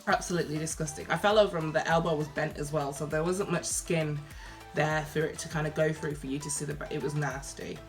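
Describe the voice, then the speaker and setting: A young woman from Birmingham with a softened Brummie accent, chatting casually through a Q&A vlog, reading each question aloud and answering with lots of ums and likes. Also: deep voice, fairly even intonation, fast, faint music behind. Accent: Birmingham English, softened. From Birmingham, England. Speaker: vlogger.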